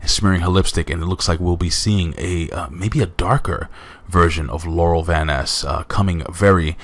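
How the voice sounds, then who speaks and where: A man's voice: low-pitched, steady tone, moderate pace. A man reviewing a wrestling show in a casual recap, rambling with lots of fillers and asides to his viewers.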